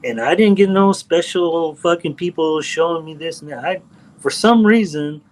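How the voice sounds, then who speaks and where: Man, middle-aged, from Texas, blunt and profane, rambling chat, slightly high voice. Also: moderate pace, a little mellow, low-quality recording. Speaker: livestream host. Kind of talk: casual chat.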